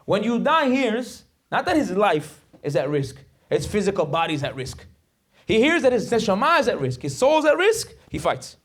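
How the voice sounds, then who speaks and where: A man's voice: high voice, very animated, moderate pace. A male rabbi giving a sermon, emphatic and dramatic, telling stories and acting out the voices in them. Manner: acts out quoted voices.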